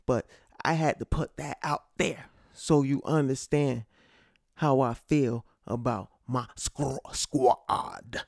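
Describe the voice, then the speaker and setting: A man's voice: mid-range voice, slow, gravelly, a little mellow, dry recording, studio quality. A man from Connecticut hosting a casual solo sports talk show, rambling and stammering as he goes, gloating between laughs. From Connecticut, USA. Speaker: podcast host.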